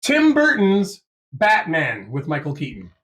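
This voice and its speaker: A man's voice: on the high side, huge pitch swings, a little slow, background noise. A man in his forties co-hosting a podcast, chatting in a crude, rambling, joking way. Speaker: podcast co-host. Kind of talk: casual podcast chat.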